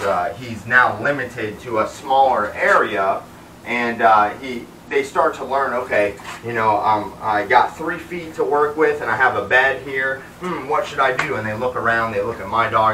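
A man's voice: mid-range voice, pushed and bright, reverberant, distant mic, a little hiss or hum, poor audio. A man working as a dog trainer, explaining his method while giving the dog commands mid-sentence, with many fillers.

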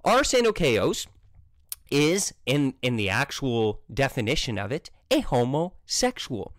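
A combative man with a French accent rants and scolds in a sarcastic monologue. His pitch leaps up and down with animated emphasis. The sound is dry and close, with no room echo. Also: a little slow. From French Canada. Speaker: Christian vlogger. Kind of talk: heated monologue.

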